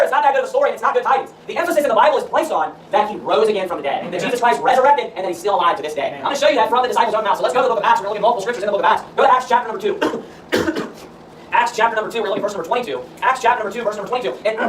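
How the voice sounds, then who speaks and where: A man preaching at a rapid clip, firing rhetorical questions and reading scripture between his points. He sounds set back from the microphone in a roomy space, with a faint hum of the room behind him. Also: sits high, fairly bright tone. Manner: emphatic, asks rhetorical questions. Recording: roomy echo, far from the mic, faint room noise.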